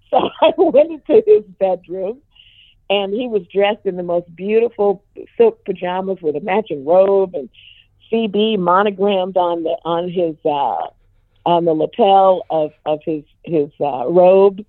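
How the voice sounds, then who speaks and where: An older woman, a jazz singer, telling a personal story in an animated way and acting out the voices of others. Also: no room sound. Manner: animated, swings pitch to act out quoted voices. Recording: tinny phone-like dry radio sound.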